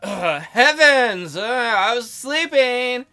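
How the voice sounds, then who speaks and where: A man's voice: extremely high pitch, expressive, takes it slowly, sharp tone, soft background music, pitched above the performer's own voice, heavily acted. A man voicing a clingy, tearful young prince in a visual novel game, reading his lines in a pleading, emotional way.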